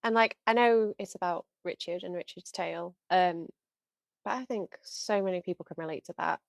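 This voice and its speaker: A woman's voice: on the low side, normal speed, gravelly, no echo, clean studio sound. A young woman hosting a reaction video, talking casually and gushing, with lots of likes and ums.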